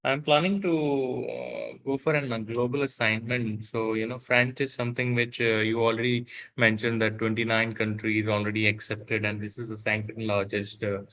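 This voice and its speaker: A man's voice: mid-range voice, level tone, normal speed, hardly any pauses, a bit bright. A man, a student, introducing himself in an online class, hesitant and full of uhs and restarts, heard over a video call. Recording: muffled video call audio.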